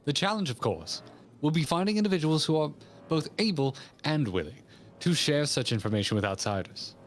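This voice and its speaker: A man voicing an earnest, formal young male scholar, reading lines in a measured way. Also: on the high side, expressive, faint music behind, lightly acted.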